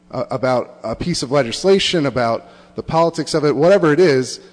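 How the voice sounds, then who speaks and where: A man giving an earnest advice speech to an audience, halting and restarting his phrases. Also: mid-range voice, darkish tone. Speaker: conference speaker. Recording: long hall reverb.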